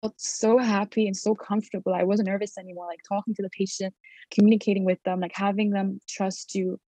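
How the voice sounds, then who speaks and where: A woman's voice: medium pitch, level tone, fast, mellow, no room sound. A young woman in her twenties, a dental student, chatting casually and telling a story full of fillers and quoted thoughts.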